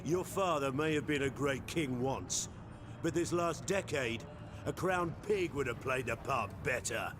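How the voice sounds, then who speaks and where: A man's voice: mid-range voice, unhurried, noisy background, lightly acted. A man playing a scornful aristocratic knight. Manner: haughty, contemptuous, theatrical delivery. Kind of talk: video game voice acting. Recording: game audio with music behind.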